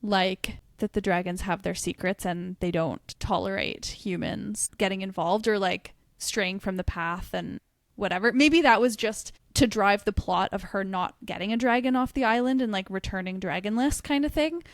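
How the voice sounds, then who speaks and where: A woman's voice: mid-range voice, moderate pace, no room sound. Musing woman podcast co-host. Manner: thoughtful, musing, many fillers. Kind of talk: casual book chat.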